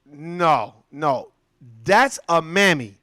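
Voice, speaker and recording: A man's voice: a little high, very slow, no echo, studio quality. A young adult man telling stories in a casual, profane monologue, acting out other people's voices along the way. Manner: animated storytelling, acts out voices. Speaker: commentator.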